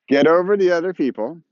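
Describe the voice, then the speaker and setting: A man's voice: on the high side, no room sound, highs cut off. A man giving a casual outdoor video lesson on writing, playfully acting out tones of voice and imagined conversations. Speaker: writing course teacher. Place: outdoors on a snowy slope with skiers passing.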